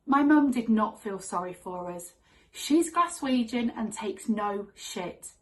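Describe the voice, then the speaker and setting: Wry woman storyteller, somewhat high voice. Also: measured pace, low-quality recording. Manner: deadpan, wry. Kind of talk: live comic storytelling.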